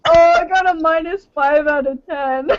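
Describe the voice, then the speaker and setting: A woman's voice: high-pitched, normal speed, a little hiss or hum. A woman hosting a casual online group chat, teasing her guests and laughing often. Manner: giggly, playful teasing. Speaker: host. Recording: dull lo-fi online call audio.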